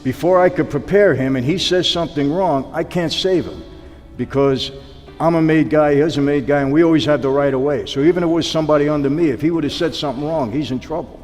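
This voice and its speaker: A man's voice: fairly high pitch, fast. A man, a guest telling long stories and acting out the dialogue of the people in them. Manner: animated storyteller acting out quoted dialogue. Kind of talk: storytelling interview. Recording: long hall reverb with background music.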